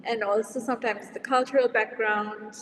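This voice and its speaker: A woman guest on a podcast, a journalist and editor, speaking in a measured, thoughtful way. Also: on the high side, fairly even intonation, slight background noise. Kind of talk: reflective conversational chat. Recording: echoey room, distant mic.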